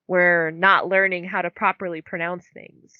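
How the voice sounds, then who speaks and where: A young woman co-hosts a book podcast, chatting casually and saying "like" constantly. Her voice sits on the low side, smooth and flat in delivery, at a moderate pace. There's no echo, but the sound is phone quality.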